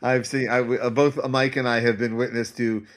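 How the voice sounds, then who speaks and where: A man's voice: medium pitch, flat delivery, normal speed. A man appearing as a guest on a video call, telling stories in an easygoing way and often cutting himself off. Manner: amiable, self-interrupting storyteller. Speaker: guest comic writer. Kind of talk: casual interview chat.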